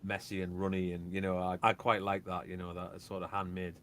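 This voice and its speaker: A man, a DJ and label owner, chatting casually and telling animated stories that act out beats and quotes. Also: deep voice, fairly quick, no echo. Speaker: guest, DJ and record label owner. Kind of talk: casual chat.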